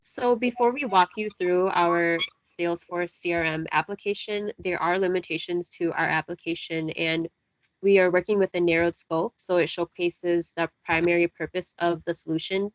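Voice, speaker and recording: Lower-voiced woman student presenter, dry sound. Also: steady tone, normal speed, no echo, lo-fi sound. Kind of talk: read class project presentation.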